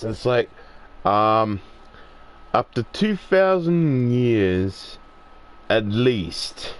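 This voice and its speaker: A man's voice: medium pitch, very animated, drawn-out words, pauses often, low-quality recording. A man in his forties talking in a casual, rambling and profane monologue, with lots of "it's like".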